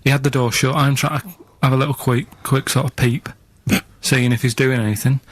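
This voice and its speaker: A man's voice: mid-range voice, little pitch movement, brisk, no room sound. A man on a radio show telling a plain-spoken, grumbling story about a tradesman. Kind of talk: casual radio banter.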